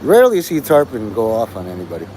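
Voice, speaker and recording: A man's voice: on the low side, huge pitch swings, quick pace, mellow, a little hiss or hum, rough recording. A man in his forties hosting a livestream, rambling casually, trailing off and restarting his thoughts. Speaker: livestream host.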